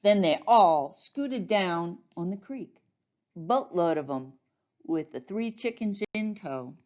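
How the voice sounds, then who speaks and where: A woman pastor reading a children's storybook aloud in a gentle, folksy storytelling manner. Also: lowish voice, lively intonation, takes it slowly, muffled recording.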